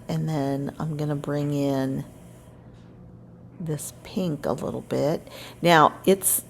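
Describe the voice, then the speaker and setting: Speaking in a low, creaky voice, a woman gives a relaxed, rambling voice-over of her scrapbook crafting, correcting herself as she goes. The recording carries a faint hiss or hum.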